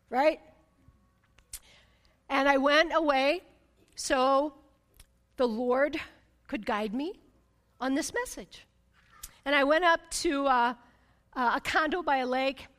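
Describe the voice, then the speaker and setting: A woman preacher telling a personal story in a sermon. She keeps asking "right?", and her voice swings from loud excitement to a hush. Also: high-pitched. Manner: personal storytelling, emphatic, frequent "right?" asides; swings between loud excitement and hushed intensity. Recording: long hall reverb.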